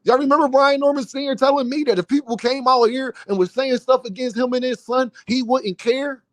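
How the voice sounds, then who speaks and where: A man with a high-pitched voice rants at his live chat, heated and insistent, full of street slang. His voice is dry and close, with no room sound at all. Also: steady tone, a little fast, no echo. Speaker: boxing commentary streamer. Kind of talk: live stream rant.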